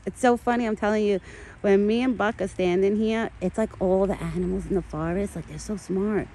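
A woman's voice: medium pitch, steady tone, a little fast, dark tone, slight background noise, poor audio. A woman vlogging outdoors in a foggy forest, chatting casually and talking to a deer in affectionate pet talk. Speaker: vlogger feeding a wild deer. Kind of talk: casual outdoor chat to camera and to an animal.

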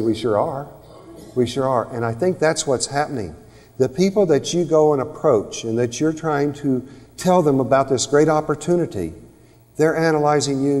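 In a hall with long reverb, a male communication-skills speaker addresses a live audience in a motivational seminar. His voice is mid-range and darkish, and he keeps asking rhetorical questions.

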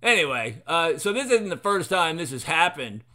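A man's voice: fairly high pitch, big pitch swings, moderate pace, sharp tone. A man hosting a talk show, rambling sarcastically with many fillers while reading from an article. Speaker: podcast host. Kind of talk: sarcastic solo commentary. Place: at his computer reading an article.

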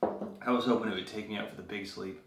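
A man's voice: on the low side, steady tone, quick pace, reverberant, noisy background. A man hosting a casual beer review, crude and jokey, swearing freely as he rates the beer. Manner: crude, joking, swears a lot.

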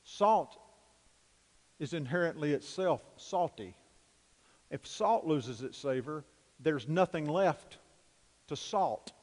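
Male pastor, emphatic sermon delivery with repetition, slightly high, long church reverb. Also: animated, slow, long pauses, darkish tone. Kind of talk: sermon and prayer. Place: church sanctuary.

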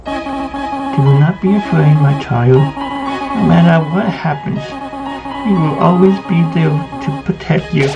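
An adult man voicing a gentle, protective motherly woman, speaking softly and slowly in a game voice-over. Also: sits high, expressive, gravelly, muffled recording, pitched above the performer's own voice, exaggerated voice. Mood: tender. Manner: soft, slow, reassuring. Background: game music.

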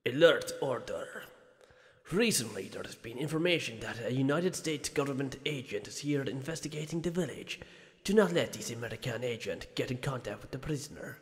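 This is a stern village chief voiced by a man with a put-on Spanish accent. He issues formal orders to his men in a commanding tone. His voice sits at a middle pitch for a man. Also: lively intonation, a little fast, long reverb tail, close to an everyday voice. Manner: formal, commanding, reading aloud.

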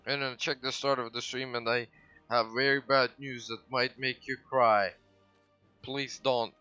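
A man giving casual, excitable commentary while livestreaming a strategy game, swearing and breaking into sudden loud outbursts. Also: medium pitch, measured pace, clear, resonant tone, dry recording, muffled recording, faint music behind. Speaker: gaming livestreamer.

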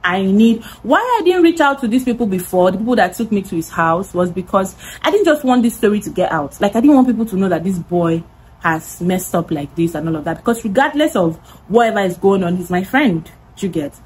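A woman's voice: mid-range voice, lively intonation, a little fast, a little mellow, breathy edge, poor audio. A young woman with a Nigerian accent telling a dramatic story-time vlog, full of repetition for emphasis. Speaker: vlogger.

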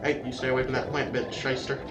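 A man giving casual, rambling gameplay commentary as a let's-play host, yelping excitedly whenever his creature gets attacked. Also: medium pitch, fast talker. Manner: chatty, rambling, excitable yelps when attacked. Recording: roomy, distant mic, game music behind. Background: game music.

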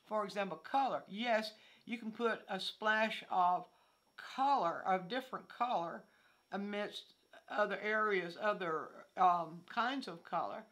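An older woman giving an art lesson outdoors, her voice at an ordinary middle pitch. She thinks aloud, circling back and restarting her sentences with plenty of fillers. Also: unhurried, a bit bright. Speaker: art teacher. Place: outdoors among fallen leaves.

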